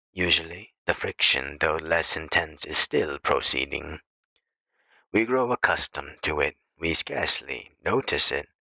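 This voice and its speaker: A man reading an essay aloud as an audiobook narrator, in a measured, deliberate way. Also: a bass voice, vocal fry, bright, forceful tone, no echo, rough recording. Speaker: audiobook reader.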